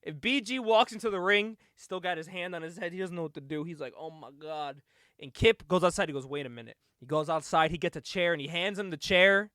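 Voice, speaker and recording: A man's voice: sits high, fast talker, few pauses, sharp tone, no room sound, studio quality. A man co-hosting a podcast, animatedly retelling events, acting out quotes and laughing often. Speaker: podcast co-host. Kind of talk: casual chat.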